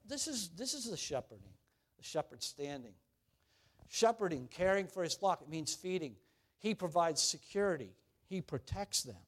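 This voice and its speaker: A man preaching a sermon, animated and storytelling, rising and falling in volume. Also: a little high. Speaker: pastor.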